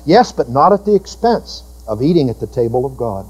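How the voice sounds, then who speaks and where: A male pastor preaches a sermon in a sing-song, fairly quick voice that's a little mellow and slightly rough, with sweeping pitch swings. He quotes congregants in put-on mock voices and builds to emphatic rebukes, all on dull audio.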